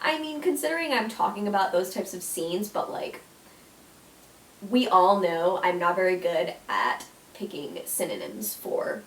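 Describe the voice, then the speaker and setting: A young woman talks through a casual countdown in a gushing, emotional way and keeps saying "oh my gosh." Her voice sits at an ordinary pitch. It sounds roomy and a little distant from the mic. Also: expressive, a little slow. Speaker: YouTuber. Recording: echoey room, mic at a distance.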